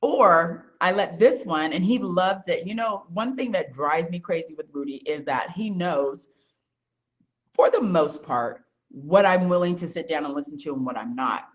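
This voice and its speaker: Woman vlogger, blunt and lively storyteller, lowish voice, muffled lo-fi recording. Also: normal speed. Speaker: small business owner. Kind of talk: casual on-camera chat with her husband. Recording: dull lo-fi sound.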